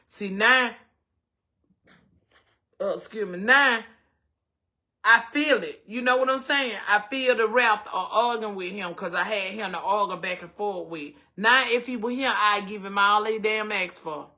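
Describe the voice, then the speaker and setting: A man with a Southern US accent, hosting a casual chat with viewers and calling them baby and honey in an animated way. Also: sits high, normal speed. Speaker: host.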